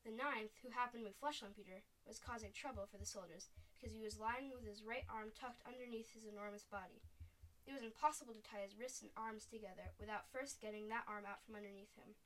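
A woman reading a children's book aloud with expressive storytelling. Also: fairly high pitch, quick pace, recorded from a distance, poor audio. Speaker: narrator.

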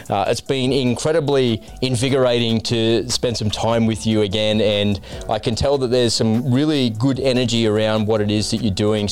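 A man's voice: fairly low pitch, darkish tone. A man hosting a podcast, asking questions in a friendly, encouraging way. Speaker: podcast host. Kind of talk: casual podcast interview.

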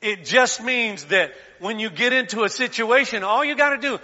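A man preaching a sermon, calling on the congregation to respond, rising to shouts and dropping to quiet pleading. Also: very high voice, moderate pace. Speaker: pastor. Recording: dull sound in a large reverberant hall.

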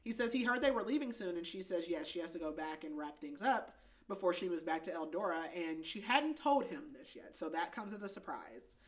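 A woman's voice: on the low side, lively intonation, fairly quick. A young woman co-hosting a podcast, casually recapping a book, chatty, with lots of "like" fillers and frequent laughter. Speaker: podcast co-host.

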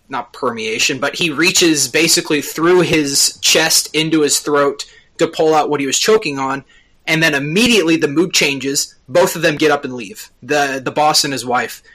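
A man with a bright, forward tone and a voice pitched slightly above the usual male range. He talks through the story in relaxed podcast chat, and he stops often on small filler sounds as he explains. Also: a little slow, rough recording. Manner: explains at length with frequent uh fillers. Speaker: podcast co-host. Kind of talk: casual chat recapping a TV episode.

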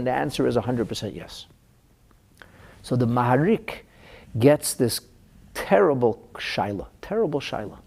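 A man's voice: mid-range voice, darkish tone. A middle-aged man teaching a Talmud class as a rabbi, telling a painful counseling story in an earnest, emotional way.

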